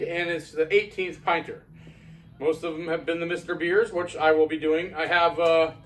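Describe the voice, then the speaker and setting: A man's voice: on the high side, a bit bright. A man reviewing his own homebrewed beer in a casual chatty video, rambling with fillers and restarts.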